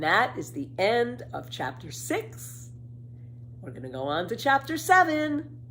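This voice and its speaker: A woman's voice: a little high, very animated, measured pace, fairly bright tone, slight background noise. A woman reading a children's book aloud as a storyteller, closing a chapter.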